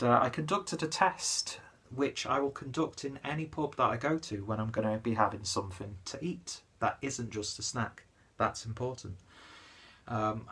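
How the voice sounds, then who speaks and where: A man's voice: mid-range voice, a bit bright, husky. A young man from northwest England, slightly tipsy, chatting in a rambling, self-deprecating way as he reviews a beer. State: slightly tipsy after a pub trip. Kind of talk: casual beer review vlog.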